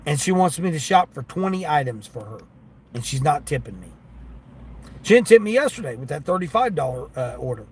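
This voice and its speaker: A man talks casually on a livestream from his car, grumbling about gig work and customers. His voice sits a bit high for a man, and the hum of the vehicle runs underneath. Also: very animated, a little fast. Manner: chatty, complaining, acts out customers' voices. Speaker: delivery driver livestreamer. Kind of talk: casual livestream chat while driving.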